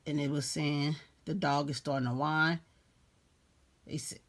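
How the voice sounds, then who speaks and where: Woman, unhurried storyteller who stops to comment; casual reading with preacher asides. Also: deep voice, steady tone. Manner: reads aloud slowly, breaking off to comment.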